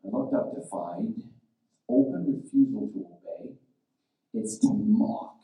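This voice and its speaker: A man preaching a sermon as pastor, building from quiet explanation to loud, impassioned calls to his church. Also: mid-range voice, lively intonation, moderate pace. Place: church sanctuary. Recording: echoey church from a distance.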